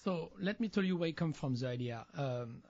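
Husky-voiced French chef. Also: male voice, on the high side, animated, darkish tone. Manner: earnest, halting non-native phrasing. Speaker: chef guest. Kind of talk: casual interview. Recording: muffled lo-fi audio.

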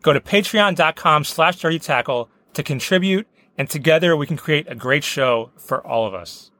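A man's voice: fairly high pitch, normal speed, pushed and bright, dry recording. A man hosting a comedic sports podcast with a dry, joking delivery. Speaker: podcast host.

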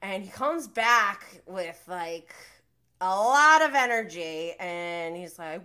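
A woman hosting a casual podcast, recapping a reality show in a gossipy, animated way and acting out quotes. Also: takes it slowly. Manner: animated, gossipy, acts out quotes with big pitch jumps, laughs often.

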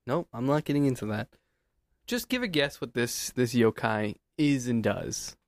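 A man's voice: medium pitch, expressive, moderate pace, dry recording. A man co-hosting a casual home podcast, rambling and chuckling, close to a desk mic. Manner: laid-back, chuckling, rambling. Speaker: podcast co-host. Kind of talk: casual chat. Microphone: desk studio mic.

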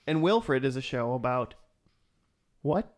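A man's voice: medium pitch, animated, slow. A man hosting a casual podcast, playful and jokey as he steers the talk. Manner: jokey, playful, leads the conversation. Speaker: podcast host. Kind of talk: casual chat.

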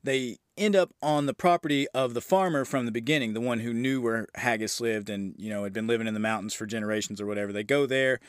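A man's voice: medium pitch, fast, hardly any pauses, smooth, no room sound, studio quality. A man hosting a movie review podcast, recapping a horror film in a loose, enthusiastic way with frequent fillers and the odd swear.

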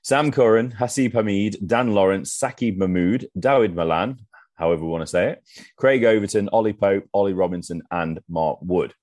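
A very deep-voiced man co-hosting a sports podcast, recorded close and dry with no room sound. He is chatty and enthusiastic, and works steadily down a list of names. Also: moderate pace, darkish tone, no room sound. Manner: enthusiastic, chatty, reads through lists. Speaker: podcast co-host. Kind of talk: casual sports podcast chat.

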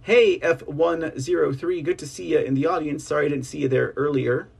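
Man, online news-show host, slightly high voice with rasp, loose chatty delivery to his viewers. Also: fairly even intonation, fairly quick. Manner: rambling, addresses the audience as ladies and gentlemen; reads statements aloud, chats with viewers. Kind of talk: casual livestream commentary. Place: home setup on a slow connection.

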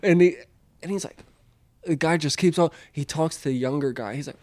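A man in a casual chat, telling work stories with lots of swearing and laughter, acting out coworkers in loud high voices. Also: moderate pace, no room sound. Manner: storytelling, acts out coworkers with loud high quotes, laughs a lot, swears freely.

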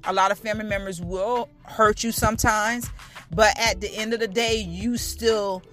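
Woman in her thirties, heartfelt testimony, mid-pitched voice, soft music underneath. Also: fairly even intonation, moderate pace. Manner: earnest, repetitive, talks straight to listeners. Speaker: speaker sharing her testimony. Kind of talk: candid personal testimony.

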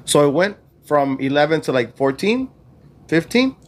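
A man hosting a podcast, asking gentle, probing questions padded with fillers. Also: on the high side, sing-song, moderate pace. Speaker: podcast host. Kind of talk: interviewing a guest.

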